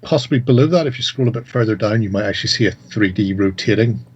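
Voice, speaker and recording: A man's voice: fairly low pitch, fast, muffled recording, a little hiss or hum. A man co-hosting a casual hobby video chat, enthusiastic and joking. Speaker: co-host.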